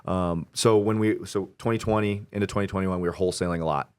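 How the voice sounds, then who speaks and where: A man's voice: deep voice, clean tone. A young man talking casually as an interview guest, telling stories animatedly and quoting himself. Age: young adult. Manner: animated storyteller, quoting himself, quick asides. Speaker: real estate investor guest.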